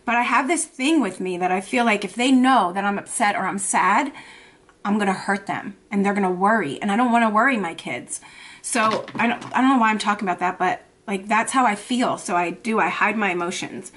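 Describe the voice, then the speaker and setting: Tearful, halting young mother vlogging. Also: mid-range voice, a bit bright. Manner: halting, repeats herself, many "like" fillers. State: tearful, anxious. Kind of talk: emotional personal vlog talk.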